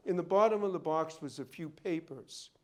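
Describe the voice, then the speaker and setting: Speaking at a moderate pace in a fairly high voice, a rare book dealer and appraiser gives a library talk in an event room. He rambles through anecdotes and frequently goes off on tangents.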